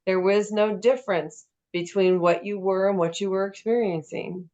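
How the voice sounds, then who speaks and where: A woman's voice: mid-range voice, fairly even intonation, moderate pace, warm tone, highs cut off. A woman hosting an interview, encouraging her guest and prompting him to tell his stories. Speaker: interview host. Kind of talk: casual interview.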